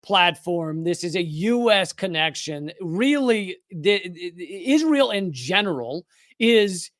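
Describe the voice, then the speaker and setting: A man's voice: high voice, animated, slow pace, a bit bright, no room sound, studio quality. A man hosting a live-streamed commentary show, rambling and correcting himself, with sarcastic asides. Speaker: political commentator host.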